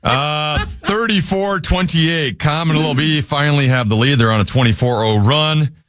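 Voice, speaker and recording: A man hosting a radio talk show, announcing scores and turns of a word game in a brisk game-show style. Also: on the high side, a bit bright, smooth, no echo.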